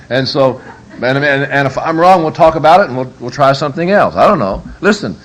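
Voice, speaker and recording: Speaking a little fast with a fairly high pitch, a man plays a preacher running a funny live parenting workshop. His stories come out lively and emphatic, packed with jokes.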